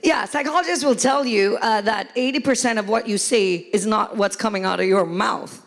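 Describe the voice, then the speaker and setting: A woman pastor preaching a sermon to a congregation, often shouting and playfully acting out quoted voices. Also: medium pitch, moderate pace, creaky. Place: church hall before a congregation.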